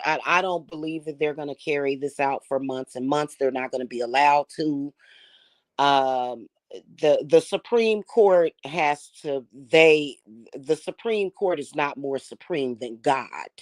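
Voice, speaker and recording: A woman with a low, deep-set speaking voice talks straight to her viewers. She is emphatic and emotional, stumbling over and repeating words as her feelings rise. The recording is dry and close, with no room sound. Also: no room sound. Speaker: spiritual channel host. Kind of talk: casual talk to viewers.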